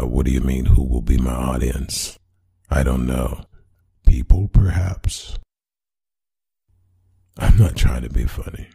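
A man with an extremely low, gravelly voice plays the boyfriend in a one-sided role-play audio drama. He answers an unheard partner and draws out soft endearments. His voice is dark and husky. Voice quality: deep voice. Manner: talks to an unheard partner, answering her unseen replies.

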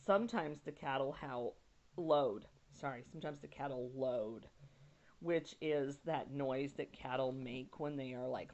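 Woman teacher reading a chapter book out loud, low voice, stops to explain words, muffled lo-fi sound. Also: gravelly. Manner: pauses to explain words with casual asides. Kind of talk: reading a children's novel aloud. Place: at home. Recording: dull lo-fi recording.

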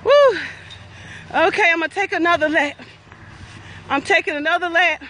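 A woman hosting a live walking vlog, talking while she walks briskly through a lakeside garden, cheering herself and her viewers on. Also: extremely high pitch, fairly even intonation, pushed and bright, low-quality recording. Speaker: wellness facilitator hosting a walking livestream. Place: outdoors in a lakeside garden with traffic nearby. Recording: outdoor phone audio with traffic noise.

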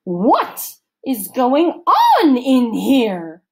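A woman voicing Missus Periwinkle, a strict older female camp director who speaks slowly and loudly, demanding answers. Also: a little high, wildly swooping pitch, pitched above the performer's own voice, exaggerated voice. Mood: stern. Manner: slow, loud, demanding.

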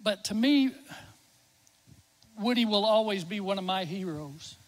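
A middle-aged man preaching in a church, his voice pitched high for a man. He tells a personal story from the pulpit and sinks to near-whispers when he recalls quiet moments at a bedside. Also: animated, measured pace, poor audio. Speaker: chaplain and preacher. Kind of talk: sermon storytelling. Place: church sanctuary.

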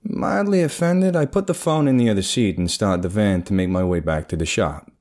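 A man narrating a dark first-person crime horror story in a casual, streetwise way. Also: fairly low pitch.

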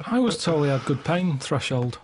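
Deadpan man rambling through stories. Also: fairly high pitch, moderate pace, a little hiss or hum. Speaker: regular co-host. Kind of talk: comic podcast banter.

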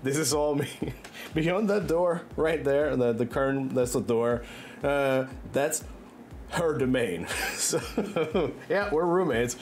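A man's voice: medium pitch, slow, darkish tone, slight background noise. A man livestreaming from his bedroom, chatting loosely and rambling, often breaking into laughs. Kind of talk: loose casual chat while gaming. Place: own bedroom.

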